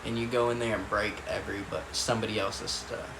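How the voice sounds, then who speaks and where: A man's voice: on the low side, level tone, fast, gravelly. A man casually telling a story about his past, rambling with lots of fillers, swearing and laughing as he goes. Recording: echoey room with faint ambient noise.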